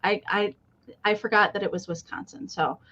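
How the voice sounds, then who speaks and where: A woman's voice: mid-range voice, fairly even intonation, moderate pace, a bit bright, lo-fi sound. A woman hosting a live online sale, chatting casually and greeting viewers one by one. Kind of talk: casual livestream chat.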